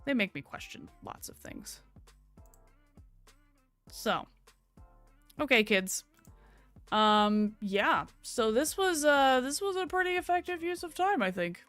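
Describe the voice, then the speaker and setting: A woman's voice: high voice, big pitch swings, slow pace, long pauses, a bit bright, faint music behind. A young woman streamer chatting casually from home at her computer, rambling and swearing a little as she wraps up. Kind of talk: casual stream sign-off chat.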